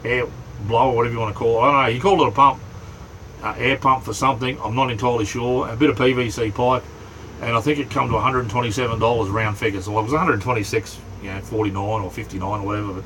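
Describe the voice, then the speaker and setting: A man's voice: mid-range voice, steady tone, fast, a bit bright, a little hiss or hum, low-quality recording. Easygoing Australian man chatting on a livestream. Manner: easygoing, rambling, greets chatters by name. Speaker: livestream host. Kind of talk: casual livestream chat. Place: inside a small truck camper.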